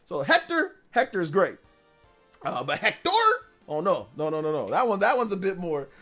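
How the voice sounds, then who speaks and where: A man hosting a live stream, telling stories in a casual, animated and slangy way. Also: a little high, brisk, faint music behind. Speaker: streamer host. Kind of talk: casual livestream chat.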